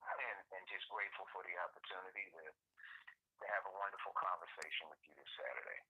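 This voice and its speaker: A man's voice: low voice, fairly even intonation, fairly quick, sharp tone, slightly rough. A male actor as a guest on a phone line, gracious and thankful as he speaks. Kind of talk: interview over the phone.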